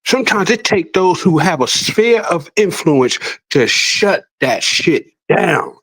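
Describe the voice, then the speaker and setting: A man's voice: high voice, takes it slowly, no room sound, low-quality recording. A man chatting as a podcast guest, telling stories in a streetwise, profane way and acting out the people he quotes. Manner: animated storyteller, acts out quoted voices. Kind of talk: casual podcast chat.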